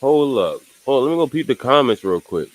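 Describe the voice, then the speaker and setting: A man's voice: mid-range voice, very animated, fairly quick, poor audio. A young man streaming casual reaction commentary, rambling in slang, repeating "you know what I'm saying" and laughing at asides.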